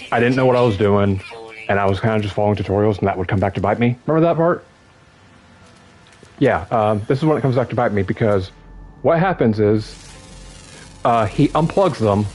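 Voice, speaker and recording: A man's voice: medium pitch, rough recording. A young man from the US telling a long story on a stream in a casual, rambling way, full of fillers. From United States. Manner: rambling, animated, lots of fillers.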